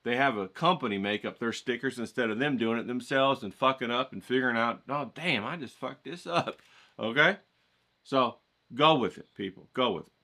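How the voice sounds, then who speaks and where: A man's voice: medium pitch, normal speed, sharp tone. A man giving a folksy, profane motivational rant to his stream audience. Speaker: art streamer.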